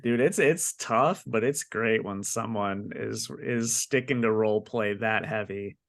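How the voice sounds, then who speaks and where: A man's voice: fairly low pitch, measured pace, no room sound, studio quality. A man co-hosting a podcast, chatting casually in an easygoing, rambling way and laughing often. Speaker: podcast co-host and game master. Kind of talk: casual chat.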